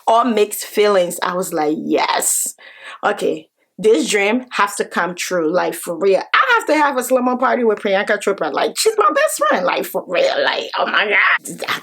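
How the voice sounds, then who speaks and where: A woman vlogger telling a story in an excitable, animated way, repeating phrases and swearing now and then. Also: mid-range voice. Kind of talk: casual vlog storytelling.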